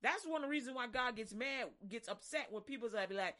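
Woman preaching casual, kinda high voice, chatty and animated, acts stuff out. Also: fast talker, few pauses. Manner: conversational, animated, acts out little scenes. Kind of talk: casual sermon.

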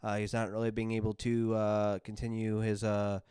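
A man with a lowish, very smooth and clear voice talks through an awards list on a podcast. He rambles and corrects himself often. The sound is dry and close, with no room to it. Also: monotone, normal speed, warm tone, dry recording. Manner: rambling, lots of fillers and self-corrections. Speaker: podcast host. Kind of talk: casual sports podcast chat.

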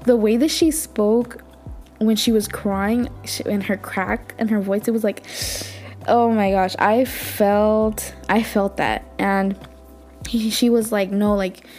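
A woman's voice: mid-range voice, steady tone, slow pace, a little mellow. A woman hosting a podcast, recapping a drama in a casual, gushing way and thinking aloud as she talks. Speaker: podcast host.

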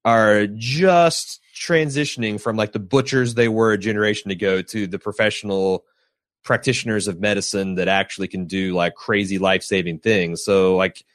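A man's voice: fairly low pitch, fairly even intonation, normal speed, no room sound, clean studio sound. A man chatting casually about TV shows, rambling with lots of fillers and the odd swear.

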